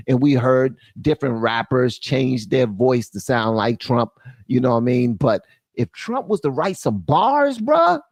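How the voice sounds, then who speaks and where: A man's voice: mid-range voice, darkish tone, no echo. A man hosting a live-stream commentary, reading quotes aloud and riffing on them in loose slang. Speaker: commentary channel host.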